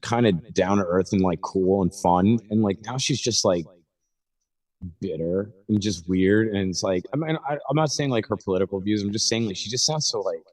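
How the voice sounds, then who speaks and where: A man's voice: lowish voice, moderate pace, a little mellow, recorded from a distance. A young man on a podcast, riffing jokes and laughing as he chats with a friend. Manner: joking, riffing, laughs a lot. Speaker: podcast co-host. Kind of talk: casual chat.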